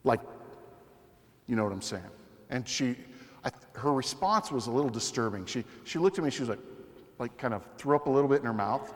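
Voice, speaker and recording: A man giving a personal testimony talk as a Catholic speaker, telling his story with animated, self-deprecating humor. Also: medium pitch, brisk, pauses often. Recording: long hall reverb.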